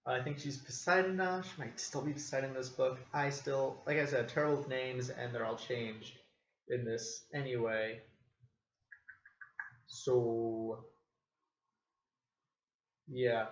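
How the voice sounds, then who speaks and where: A man's voice: mid-range voice, steady tone, slow pace, pauses often. A man chatting his way through a comic review in a loose, rambling manner, full of fillers and restarts. The recording is roomy and dull, with a faint hiss underneath. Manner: rambling, many fillers and self-corrections. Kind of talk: casual solo review talk.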